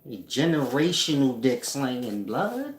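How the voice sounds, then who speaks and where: A man's voice: medium pitch, normal speed, a little hiss or hum. A middle-aged man, a spiritual teacher answering viewers in a casual livestream chat, talking in loose slang and laughing often. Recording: echoey room.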